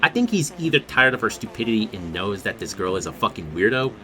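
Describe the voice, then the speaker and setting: A man's voice: fairly low pitch, sing-song, fast talker, sharp tone, a little hiss or hum. A young man telling a personal story as a YouTuber, ranting heatedly and swearing a lot. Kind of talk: casual storytime narration.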